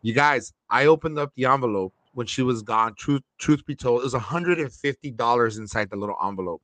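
A man hosting a podcast, telling long, animated stories in a casual chat. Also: mid-range voice, fairly quick, no echo. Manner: long-winded, animated storyteller. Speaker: podcast host.

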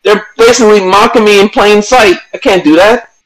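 A man's voice: high-pitched, fairly quick, rough recording. A man co-hosting a casual podcast chat, ranting with stammered restarts and swearing. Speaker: podcast co-host.

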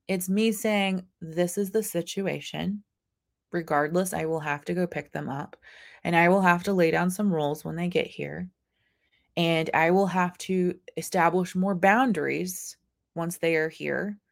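A woman's voice: fairly low pitch, creaky. A woman in her thirties hosting a motivational live stream, talking earnestly and acting out her own inner voices. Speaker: host. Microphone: camera mic.

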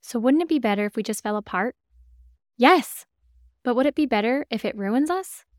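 A woman podcast host with a fairly high voice speaks reflective commentary to her listeners. She is heartfelt and gently urging. The recording is dry and close. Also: animated, fast, no room sound.

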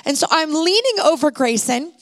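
A woman's voice: high-pitched, sing-song, normal speed. A middle-aged woman on stage telling a heartfelt personal story to an audience, acting out the dialogue dramatically. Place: stage before a live audience.

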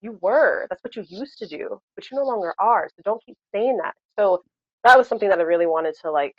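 A woman's voice: medium pitch, fairly quick, no echo. Passionate woman, slightly dull lo-fi sound. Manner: passionate, animated, with many fillers like "you know". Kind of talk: casual faith podcast chat.

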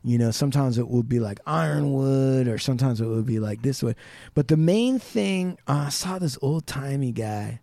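A man's voice: medium pitch, warm tone, no echo. A man from the Pacific Northwest US, a podcast guest rambling in casual chat with lots of "like" and swearing. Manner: rambling, profane, full of "like".

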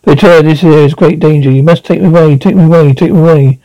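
A man voicing a young woman in a trance who repeats the same plea in a flat chant. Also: fairly high pitch, quick pace, no room sound, highs cut off, close to an everyday voice. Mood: entranced.

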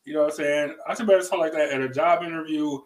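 Chatty podcast host, slightly high voice. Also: male voice, fast talker, low-quality recording. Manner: loose, repeats phrases, lots of fillers. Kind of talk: casual chat.

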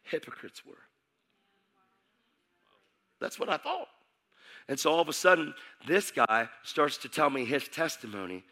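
A man's voice: on the high side, expressive, unhurried, pauses often, sharp tone. A middle-aged man preaching his testimony as a sermon, telling his story intensely and acting out the dialogue.

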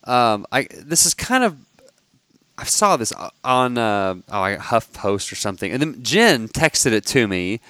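Smooth-voiced man rambling on a podcast. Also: medium pitch, big pitch swings, bright, forceful tone, no echo, studio quality. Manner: rambling, halting with many fillers. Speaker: podcast co-host. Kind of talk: casual chat.

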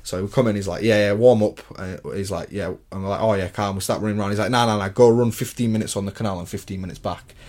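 A man's voice: fairly low pitch, fairly even intonation, fast talker, few pauses, a little mellow. A young man, co-hosting a podcast and telling rambling, slangy stories full of restarts. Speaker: podcast co-host. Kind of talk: casual chat.

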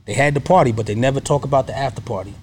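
Guest, male, 30s, mid-pitched. Earnest, casual storyteller with a faint noise under him. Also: rapid-fire, a little mellow. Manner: earnest, casual, often adds "you know what I mean". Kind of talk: personal storytelling in conversation.

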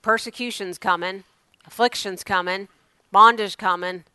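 A woman preaching a sermon, moving from loud exclamations to hushed asides. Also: medium pitch, steady tone, unhurried, smooth, no room sound.

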